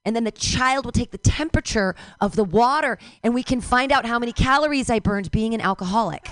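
A woman's voice: a little high, fairly quick, a bit bright, no room sound. A woman in her fifties doing a stand-up comedy set, rambling, irreverent and self-mocking.

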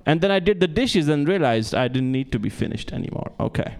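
A man's voice: fairly high pitch, lively intonation, a little fast, a little mellow. A young man performing a stand-up comedy set on a club stage, self-deprecating and stumbling over restarts. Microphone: handheld stage mic.

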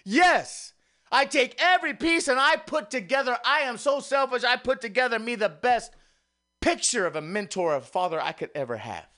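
A man hosting a radio show, delivering an impassioned, preacher-style monologue that swings from hushed murmurs to rising exclamations, a little out of breath. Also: extremely high pitch, lively intonation, normal speed. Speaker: radio host.

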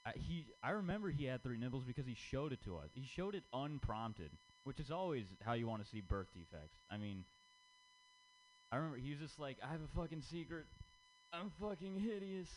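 A man's voice: medium pitch, huge pitch swings, moderate pace, long pauses, poor audio. A young male comic works through a loose open-mic set, his voice swinging widely up and down as he rambles and laughs at himself. He sounds unpolished and chatty. A faint hum sits under the recording. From Indian family. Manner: rambling, self-deprecating, lots of fillers and laughs. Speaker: stand-up comedian.

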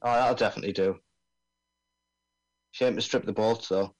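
A man's voice: fairly low pitch, fairly even intonation, normal speed, darkish tone, close to an everyday voice, low-quality recording. A man putting on a brash Aussie bomb expert. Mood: breezy. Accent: put-on Australian. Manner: slang-heavy, breezy, stumbles over jargon. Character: brash male Australian bomb-disposal expert. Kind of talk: amateur table read over a video call.

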